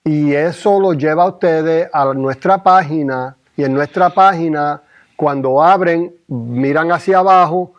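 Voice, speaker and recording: A man's voice: fairly high pitch, moderate pace, muffled recording. A man with a Spanish accent co-hosting a podcast, chatting casually and teasing his co-host. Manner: joking, teasing interjections. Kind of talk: casual chat.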